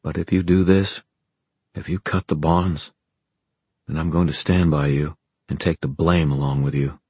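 A man voicing a quiet, devoted young man in an audiobook, speaking earnestly. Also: rumbling low, steady tone, normal speed, breathy edge, dry recording.

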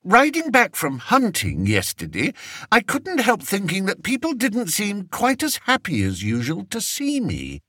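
A man voicing a vain, anxious young king who speaks in a high, plaintive way, in an audiobook. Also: wildly swooping pitch, unhurried, bright, forceful tone, husky, no room sound, studio quality, heavily acted. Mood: fretful. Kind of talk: audiobook character voice.

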